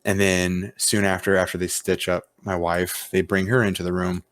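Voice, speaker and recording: A man's voice: sits low, level tone, normal speed, fairly bright tone, dry recording. A man hosting a podcast, telling a casual story with acted-out quotes and plenty of swearing. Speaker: podcast host. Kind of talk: casual chat.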